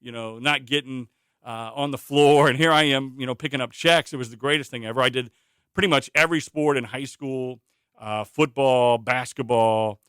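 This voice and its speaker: A middle-aged man from Indiana, a stadium announcer, telling anecdotes in a relaxed interview with frequent fillers. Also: mid-range voice, moderate pace, clear, resonant tone, no echo, clean studio sound. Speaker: interview guest, public address announcer. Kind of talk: conversational storytelling.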